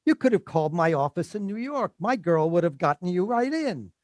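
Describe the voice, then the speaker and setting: A charming male Hollywood producer, played by a woman, coaxing an old flame to stay. The voice is low yet lively and eager, sounding dry and close. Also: a little fast, no room sound. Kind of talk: stage play read aloud.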